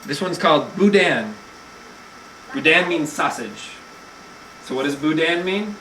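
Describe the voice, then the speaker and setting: Young female teacher, low and animated, storytime read-aloud in a classroom, quizzing the kids. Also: a little slow, a little hiss or hum, rough recording. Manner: lively storyteller quizzing children on vocabulary. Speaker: teacher reading to first graders. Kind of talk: reading a picture book aloud to children.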